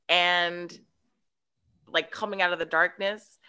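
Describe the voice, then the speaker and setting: A woman's voice: on the low side, a little slow, clean tone, faint music behind. A woman, a podcast guest, telling a childhood story in casual chat and acting out the voices in it. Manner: animated, acts out voices in her story.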